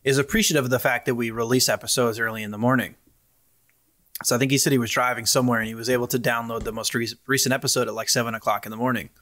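A man's voice: medium pitch, steady tone, rapid-fire, a bit bright. A man co-hosting a casual retro-games podcast, talking in a rambling way with many fillers. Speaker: podcast co-host. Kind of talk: casual chat.

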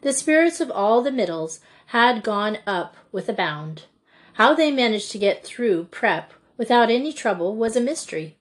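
A woman narrating a classic children's school novel in a measured, clear storytelling manner. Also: a little high, very animated. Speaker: audiobook narrator.

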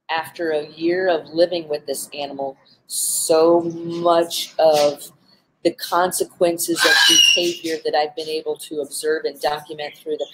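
A woman's voice: low voice, slight background noise, low-quality recording. A woman who works with animals, hosting a casual live stream, talking earnestly with frequent ums and restarts. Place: indoors with animals around.

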